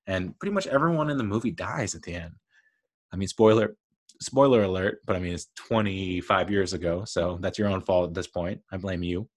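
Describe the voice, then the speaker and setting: A man's voice: sits low, fairly quick. A man giving a casual, rambling movie review, chatty with frequent laughs and fillers. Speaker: film reviewer.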